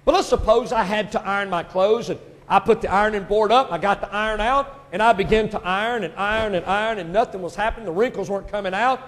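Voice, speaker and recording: High-voiced preacher in an echoey hall. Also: male voice, quick pace, hardly any pauses. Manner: storytelling preacher, building to loud emphatic bursts. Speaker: pastor. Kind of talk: sermon.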